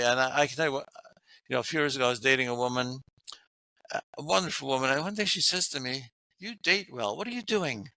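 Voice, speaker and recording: A man's voice: mid-range voice, gravelly, pushed and bright, no room sound. A man, a guest author, talking earnestly about relationships and laughing often as he makes his points. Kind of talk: casual interview talk.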